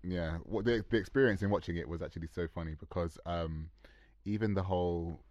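A man's voice: low voice, brisk, a little mellow, no echo, muffled recording. A young man, co-hosting a podcast, teasing and laughing, often repeating himself. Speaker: podcast co-host. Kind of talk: casual chat.

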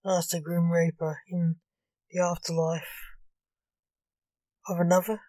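A woman reading a story aloud at a slow, unhurried pace, calm and steady. Her voice is mellow and lowish, and the recording is dry and close. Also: dry recording.

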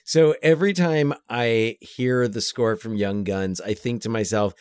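A man co-hosting a casual film-review podcast, jokey and excitable, with stammering restarts. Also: medium pitch, measured pace, smooth, no echo, studio quality. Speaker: podcast co-host.

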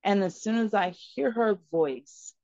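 Woman interview guest, mid-pitched, earnest storyteller; dry, slightly muffled recording. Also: unhurried, dry recording. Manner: earnest and expressive, acting out dialogue in her story. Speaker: podcast guest.

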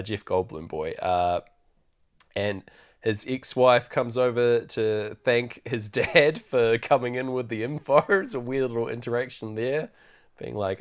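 A man hosting a podcast, chatting loosely through a film recap and laughing often. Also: mid-range voice. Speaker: podcast host. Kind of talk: casual film recap chat.

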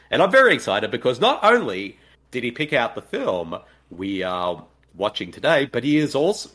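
An Australian man hosts a podcast in casual chat. He is upbeat and animated, and his voice rises and falls a great deal. He often repeats a word for emphasis. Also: medium pitch. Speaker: podcast host.

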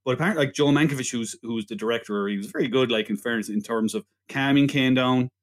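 A man's voice: mid-range voice, fast. A man co-hosting a film podcast in casual chat, rambling and jokey. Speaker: podcast co-host.

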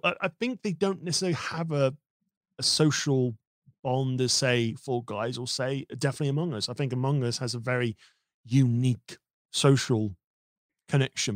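A man hosting a casual streamed chat, animated and joking, often restarting his sentences. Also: medium pitch, no room sound, clean studio sound. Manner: animated, hops into silly voices, many restarts. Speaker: host.

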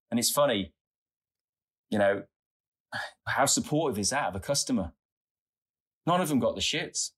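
A man's voice: mid-range voice, expressive, moderate pace, pauses often, fairly bright tone, husky. A middle-aged Australian man telling earnest, chatty stories as a guest in a casual interview. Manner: earnest, chatty, tumbling anecdotes. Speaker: podcast guest, founder.

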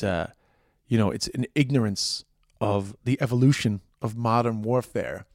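A man's voice: mid-range voice, no echo, studio quality. An Irish man in his forties giving a rambling, emphatic podcast monologue, swearing freely. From Ireland. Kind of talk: casual monologue.

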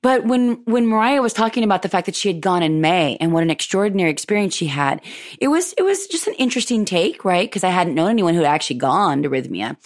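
Animated woman podcast host telling a story. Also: fast. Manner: animated, acts out quoted dialogue with big pitch jumps. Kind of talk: personal storytelling.

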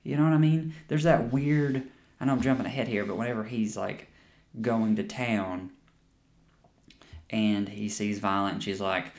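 A man's voice: lowish voice, steady tone, moderate pace, darkish tone. A young man hosting a podcast and chatting casually about a movie, rambling and swearing a lot. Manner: rambling, profane, with frequent restarts and laughs. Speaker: podcast host. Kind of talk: casual movie review chat.

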